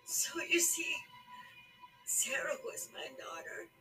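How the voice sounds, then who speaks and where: An actress playing a grieving elderly woman, a former painter, who talks in a halting, tearful way. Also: on the high side, animated, faint music behind, full character voice, poor audio. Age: older. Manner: tearful, halting, soft-spoken. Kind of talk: scripted drama acting.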